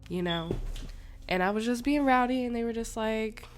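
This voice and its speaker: A young woman hosting a podcast, telling a personal story in a casual, animated way, slangy and swearing freely. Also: fairly high pitch, normal speed. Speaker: podcast host.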